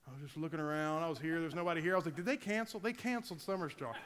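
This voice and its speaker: A middle-aged man, a football strength coach, giving an energetic conference talk, acting out his players' voices and bursting into shouts. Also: on the high side, very fast. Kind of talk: conference presentation. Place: large conference hall. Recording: long hall reverb.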